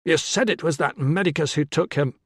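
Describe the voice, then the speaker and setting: A man playing a shouting, hostile young villager. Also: on the high side, brisk, breathy edge, dry recording, pitched above the performer's own voice. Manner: shouting, accusing. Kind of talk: audiobook character voice. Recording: dry close studio sound.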